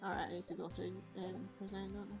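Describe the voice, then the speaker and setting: A woman's voice: lowish voice, level tone, fast talker, gravelly. A woman playing a game and chatting casually about it. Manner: chatty, self-aware. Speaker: let's play gamer. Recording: dull lo-fi audio, faint game music.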